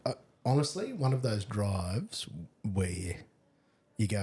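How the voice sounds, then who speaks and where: A man's voice: lowish voice, sing-song, slow pace, darkish tone. An Australian man casually chatting over beers on a podcast, telling travel stories and swearing now and then. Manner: laid-back storyteller, swears casually. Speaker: podcast co-host.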